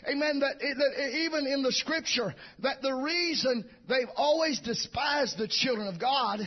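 A man preaching a fiery sermon, shouting in rhythmic bursts and punctuating lines with amen. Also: very high voice, a little slow. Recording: dull lo-fi church recording.

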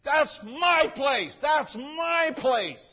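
A man's voice: very high voice, lively intonation, drawn-out words, muffled recording, pitched above the performer's own voice, full character voice. A man acting out a furious woman who hollers and picks a fight over her place in line. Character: furious middle-aged woman shouting at a gas station.

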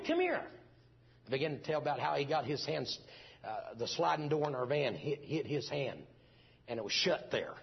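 A man's voice: medium pitch, vocal fry, slightly rough, highs cut off. A middle-aged man, preaching a testimony in a folksy storytelling way full of restarts. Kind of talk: sermon testimony.

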